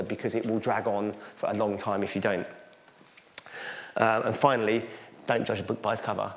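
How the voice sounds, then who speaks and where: The voice is lowish and the room reverberant. A middle-aged English conference speaker presents with slides in a candid, conversational, self-deprecating manner.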